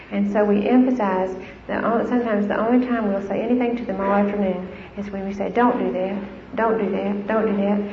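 A middle-aged woman giving a conversational talk on Christian parenting to a live audience, with fillers and restarts. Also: medium pitch. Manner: conversational, warm-hearted, frequent fillers and restarts. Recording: echoey hall, dull lo-fi sound with faint noise.

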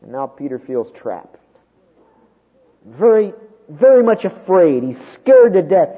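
A man preaching a sermon, with dramatic swings from loud emphasis to hushed tones. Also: high voice, sing-song, takes it slowly, slightly rough. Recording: tinny phone-like sound with long hall reverb.

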